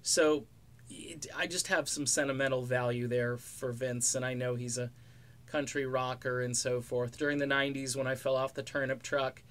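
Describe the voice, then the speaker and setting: A man's voice: mid-range voice, flat delivery, moderate pace, a bit bright. A middle-aged man giving casual, rambling commentary on music news with sarcastic jokes and asides.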